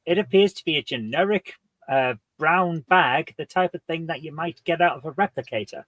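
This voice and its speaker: A man narrating as game master in a tabletop game, relaxed and playful. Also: fairly high pitch, moderate pace, dry recording.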